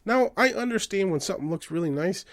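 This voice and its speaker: Sweary animated ranting man. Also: sits high, fast talker, no room sound. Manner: sweary, animated, swings between loud outbursts and mutters. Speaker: podcast host. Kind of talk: profane comedic rant.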